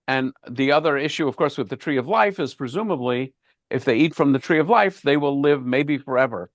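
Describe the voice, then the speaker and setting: Rabbi teaching an online class: mid-range male voice, dry video-call audio, unhurried and thinking aloud. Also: mid-range voice, lively intonation, no room sound. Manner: thoughtful, repeats words while thinking. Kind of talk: informal online Bible class.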